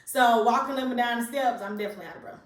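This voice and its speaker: A woman's voice: a little high, rapid-fire. A young woman, a little short of breath, chatting casually and rambling with lots of fillers in a pregnancy vlog. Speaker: vlogger sharing a pregnancy update. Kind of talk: casual chat to camera. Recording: echoey room, distant mic.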